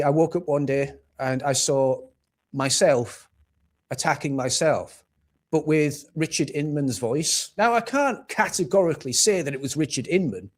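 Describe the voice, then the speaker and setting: A man from England hosting a livestream, ranting bluntly and with plenty of profanity about politics. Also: fairly high pitch. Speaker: livestream host. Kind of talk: casual political rant.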